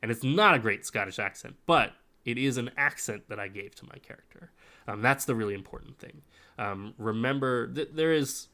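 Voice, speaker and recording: A man's voice: mid-range voice, expressive, moderate pace, bright, forceful tone. A man co-hosting a podcast in casual chat, explaining game-master advice at length.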